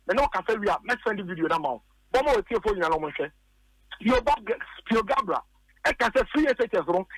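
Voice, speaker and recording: A man's voice: high voice, a bit bright, dry recording, poor audio. A man with a Ghanaian accent, a political commentator arguing emphatically on a radio talk show and hammering his points by repeating them.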